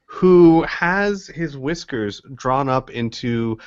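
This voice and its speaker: A man's voice: medium pitch, lively intonation, slow, clean tone, lo-fi sound. A man narrating a tabletop game as game master, hesitant and rambling with many restarts.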